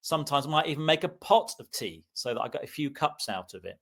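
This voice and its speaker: A British man co-hosting a podcast, talking in a relaxed, easygoing way. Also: a little high, quick pace, vocal fry. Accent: British English. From Britain. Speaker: podcast co-host. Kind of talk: casual podcast chat.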